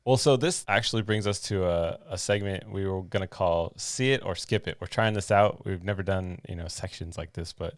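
A man co-hosting a podcast, chatting casually about new movies in a relaxed, conversational way. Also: low voice, brisk, hardly any pauses, no echo, clean studio sound. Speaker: podcast co-host.

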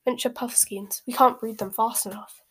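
A woman reading aloud as a cheerful young male joke-shop owner, brisk and breezy. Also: fairly high pitch, fairly even intonation, slightly rough. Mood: proud.

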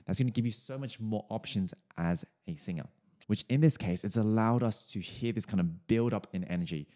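A male singing coach talks viewers through a song's vocal choices in a somewhat low voice. His delivery is friendly and explanatory, loosened with casual fillers. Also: brisk, warm tone.

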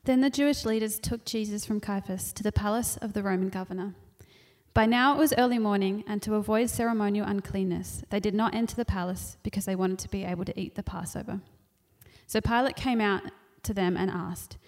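Steady woman reading scripture aloud. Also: medium pitch, a little fast. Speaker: scripture reader.

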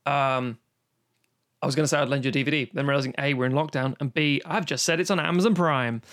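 Animated, swearing man chatting about film. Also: medium pitch, fast talker. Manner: animated, swearing, acts out quotes. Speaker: podcast guest discussing films. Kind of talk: casual chat.

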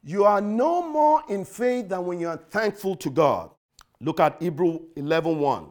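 A man with a Nigerian accent preaching a sermon in a high, bright voice. He hammers on key phrases and repeats them. His delivery rises loud and then drops soft. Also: sing-song, normal speed.

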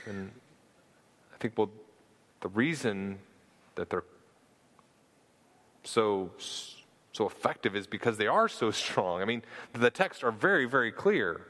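Male preacher, mid-pitched, earnest and argumentative, echoing in a hall. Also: a bit bright. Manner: earnest, argumentative, with frequent restarts and repeated words. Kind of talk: sermon.

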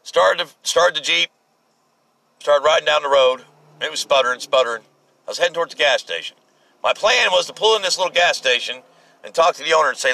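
A man's voice: a little high, expressive, a little fast, gravelly, pushed and bright, rough recording. A man telling a personal story in a casual, rambling way, often repeating and restarting his words for emphasis.

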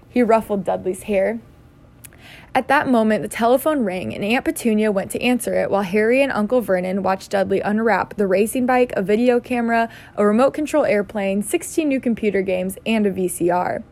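A woman's voice: medium pitch, a little fast, darkish tone. A woman reading a children's novel aloud in a casual way, with slips and self-corrections. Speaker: reader.

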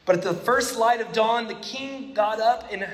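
A man preaching a sermon, telling stories in an animated way with laughing asides. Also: high voice, normal speed, a little hiss or hum. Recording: echoey hall with long reverb.

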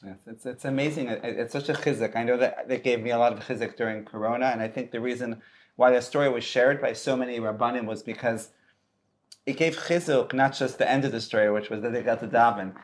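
American male host, soft, casual, encouraging. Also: mid-range voice, steady tone, quick pace. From United States. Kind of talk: casual chat.

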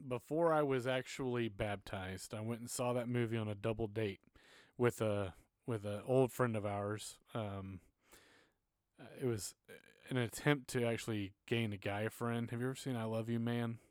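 A man's voice: medium pitch, steady tone, normal speed, a little mellow, dry recording, clean studio sound. A man from Texas, without a Texas accent, telling an earnest, self-deprecating story in a casual faith conversation.

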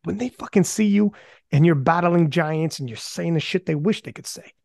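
A man hosting a podcast in casual chat, animated and swearing often, restarting his sentences. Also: on the high side, moderate pace, gravelly, no room sound, clean studio sound. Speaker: podcast host.

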